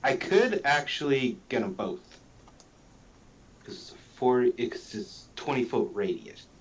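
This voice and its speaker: A man's voice: medium pitch, sing-song, measured pace. A man playing a tabletop game, speaking hesitantly with laughs between words. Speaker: player. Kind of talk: tabletop game chat over a call.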